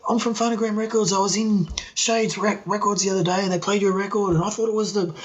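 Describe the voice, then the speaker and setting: A man's voice: sits high, steady tone, quick pace, lo-fi sound, pitched above the performer's own voice, natural voice. A man voicing an eager young male record label scout, insistent and reassuring.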